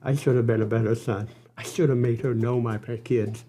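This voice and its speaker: An older man, a podcast guest, telling an earnest personal story with halting restarts. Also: mid-range voice, fairly even intonation, mellow, slight background noise. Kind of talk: storytelling interview.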